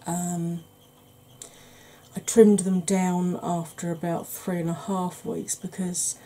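A woman's voice: lowish voice, little pitch movement, takes it slowly, dark tone. A woman hosting a makeup channel, chatting casually through a tutorial with rambling, self-deprecating asides.

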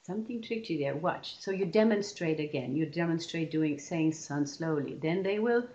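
A woman's voice: low voice, animated, moderate pace, warm tone. A woman presenting an online teacher-training session, explaining classroom methods step by step and often restarting her phrases.

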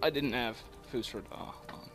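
A man's voice: mid-range voice, moderate pace. Profane joking man playing a game. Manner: joking, profane, laughs often. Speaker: gamer. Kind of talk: casual gameplay commentary. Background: game music and sounds.

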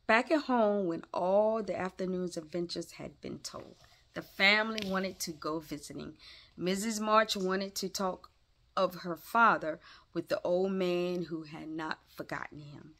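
A woman reading a classic novel aloud in a gentle storytelling way, now and then stopping to chat with her listeners. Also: on the low side. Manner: slow, gentle read-aloud with asides to listeners. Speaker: storybook reader.

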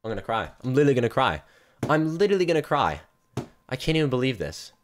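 A young man streaming a video game and unboxing cases, excitable, swinging from hushed mumbling to loud yelps and repeating phrases in rapid strings. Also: mid-range voice, slight background noise. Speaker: gaming streamer. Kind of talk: live-stream case unboxing commentary.

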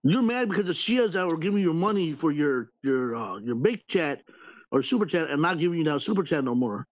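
A man's voice: a little high, sing-song, brisk, rough recording. A man hosting a live stream panel, venting at length in casual chat and filling his talk with "you know" and "bro".

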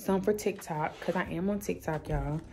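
A young woman talks casually and upbeat to her vlog viewers, greeting them as y'all. Her voice sits a little low and sounds mellow and soft-edged. Faint music plays underneath. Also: moderate pace. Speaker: lifestyle vlogger.

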